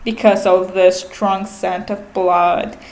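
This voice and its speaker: A chatty woman recapping a story in an unhurried, drawn-out way, laughing often and swearing freely. Her mid-range voice bounces around an echoey room. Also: mid-range voice, flat delivery, a little mellow. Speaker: vlogger. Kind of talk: casual book recap.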